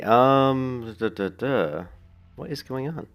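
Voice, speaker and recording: Over soft background music, a man streaming a game speaks slowly in an expressive, medium-pitched voice. He chats casually and rambles as he plays, laughing often and occasionally swearing.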